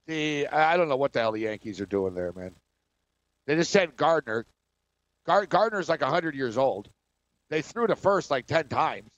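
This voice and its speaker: A man's voice: fairly high pitch, sing-song, moderate pace, no echo, lo-fi sound. A man co-hosting a sports radio show, ranting bluntly and sounding exasperated. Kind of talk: casual sports talk.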